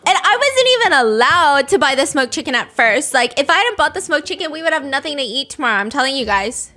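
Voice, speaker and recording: A young woman hosting a casual storytime podcast, telling a story with lively acted-out quotes. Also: high-pitched, fast talker. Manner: animated storyteller, acts out quotes. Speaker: host.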